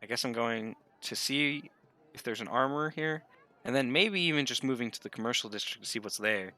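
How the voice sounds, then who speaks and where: A man's voice: mid-range voice, brisk, sharp tone. A man playing a tabletop game, talking in a rambling, hesitant way with lots of restarts. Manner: rambling, hesitant, self-correcting. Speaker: player. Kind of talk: casual tabletop play.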